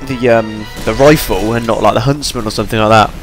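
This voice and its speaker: A man's voice: lowish voice, fairly even intonation, fairly quick, soft background music. A tired young man giving rambling, chatty commentary over his gameplay, yawning between points. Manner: rambling, chatty, self-deprecating.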